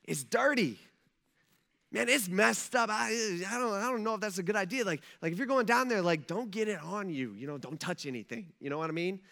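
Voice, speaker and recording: A man preaching puts on a gang of giddy angels, voices bright and high as they tumble over their words. They sound loud, eager and breathless, falling over themselves to get the orders. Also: expressive, fairly quick, vocal fry, exaggerated voice. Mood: alarmed. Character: excited eager angels, male voice.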